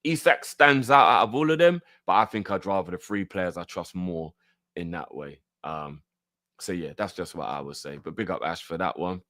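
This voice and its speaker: A man reacts live to a trailer for his fan channel, talking in excitable, slangy bursts. His voice sits a little low and sounds close and dry, with little room around it. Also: normal speed, no room sound.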